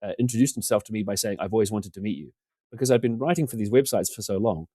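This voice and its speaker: A man's voice: on the low side, fast talker, mellow, dry recording. A man, a podcast guest telling rambling, self-deprecating stories and acting out what people said. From New Zealand. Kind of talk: casual storytelling.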